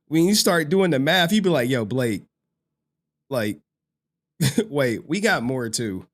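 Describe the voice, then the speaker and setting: A man hosting a livestream, reading super chats in excitable, slangy commentary that breaks into shouts and laughter. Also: a little high, takes it slowly, pauses often. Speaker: livestream host.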